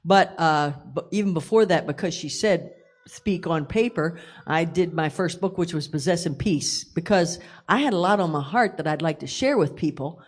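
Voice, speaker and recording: A woman's voice: on the low side, moderate pace. A woman on a church conference panel, answering in a talkative way with light laughs. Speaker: magazine editor on panel.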